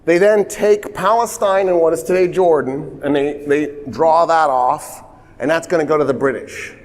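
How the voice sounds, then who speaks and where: A man telling history in a casual, lively way, slipping into voiced asides. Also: a little high, normal speed. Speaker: history explainer. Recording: long reverb.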